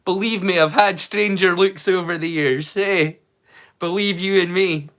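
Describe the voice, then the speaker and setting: A man's voice: sits high, fairly even intonation, a little slow. A man hosting a casual livestream watch-along, chatting, joking and swearing freely with his viewers. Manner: greets viewers loudly and brightly. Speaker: livestream host.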